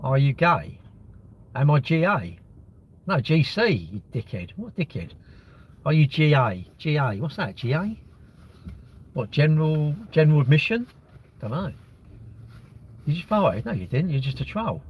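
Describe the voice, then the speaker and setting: A man's voice: fairly high pitch, very animated, measured pace, pauses often, slightly rough, dull audio. A man chatting casually on a live stream, reading viewers' comments aloud and mocking trolls bluntly.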